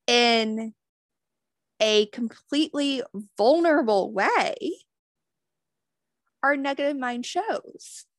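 A woman's voice: on the high side, no room sound, clean studio sound. A woman giving a casual spiritual talk, swearing freely and leaning on "like" as she speaks. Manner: casual, profane, many "like" fillers.

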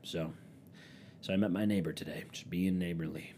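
A man's voice: sits low, steady tone, normal speed, dark tone, a little hiss or hum. A young man with a stuffy nose from allergies, rambling through a sarcastic, profanity-laced comedic monologue. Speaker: vlogger.

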